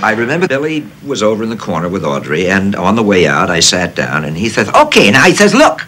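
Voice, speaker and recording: A man in his sixties from the United States, telling stories in a casual interview with plenty of self-deprecating humor. His lowish voice moves a lot, bright and forceful in tone. A faint noise floor sits underneath. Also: quick pace. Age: 60s. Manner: animated raconteur, self-deprecating. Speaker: actor guest.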